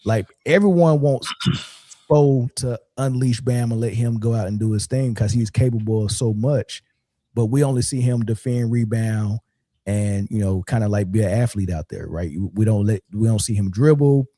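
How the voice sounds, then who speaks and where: A man's voice: fairly low pitch, moderate pace, warm tone, dry recording, studio quality. A man co-hosting a podcast in a loose, casual chat full of fillers. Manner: loose, conversational, filler-heavy. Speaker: podcast co-host.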